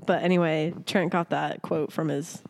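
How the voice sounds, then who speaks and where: A woman's voice: low voice, fairly even intonation, normal speed, creaky, a little mellow, slight background noise. Blunt, sarcastic woman podcast co-host. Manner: blunt, sarcastic, laughs often. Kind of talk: casual chat.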